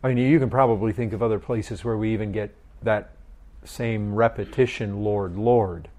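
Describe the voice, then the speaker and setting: A man's voice: lowish voice, fairly even intonation, mellow. A middle-aged man leading a group Bible study, asking questions and often repeating his words. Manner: slow, questioning, repeats phrases.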